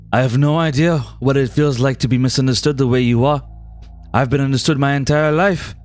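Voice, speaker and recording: A man voicing a charming, gentle nobleman in a tabletop game, with a put-on French accent and a soft, reassuring manner. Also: mid-range voice, dry recording, natural voice.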